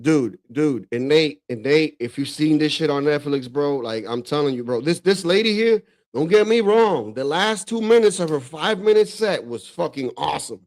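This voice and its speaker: A man from the Dominican Republic hosting a casual reaction stream, talking in a loose, profane, excitable way and laughing often. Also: fairly high pitch, normal speed, hardly any pauses. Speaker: streamer host reacting to clips.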